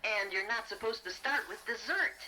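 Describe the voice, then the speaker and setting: A performer voicing a friendly, earnest young male teddy bear in a storybook cassette, eager and gently instructive. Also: medium pitch, normal speed, slight background noise, rough recording. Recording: loud music bed.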